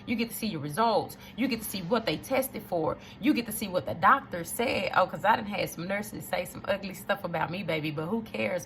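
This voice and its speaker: An emphatic woman, a storyteller, gives casual testimony straight to her viewers, driving her points home through repetition. Her mid-range voice is bright and forceful with a gravelly fry, and a faint hiss of noise sits behind it.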